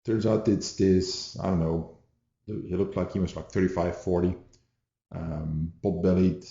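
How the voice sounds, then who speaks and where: A man's voice: low-pitched, creaky, mellow. A man hosting a podcast, telling martial arts anecdotes in a rambling, amused way with many restarts and asides. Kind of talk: casual storytelling monologue. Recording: dull roomy home recording.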